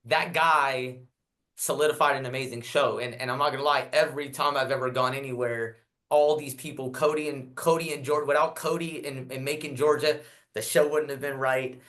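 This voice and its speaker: A man in his thirties, a podcast guest telling a story in a casual, animated way, repeating himself and acting out what people said. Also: medium pitch, fairly quick.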